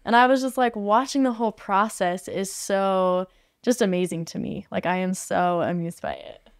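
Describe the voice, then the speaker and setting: A woman's voice: mid-range voice, moderate pace, clear, resonant tone, dry recording, studio quality. A woman guest on a podcast, telling a story casually and chattily, with lots of "like" fillers. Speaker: podcast guest, art facilitator. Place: podcast studio.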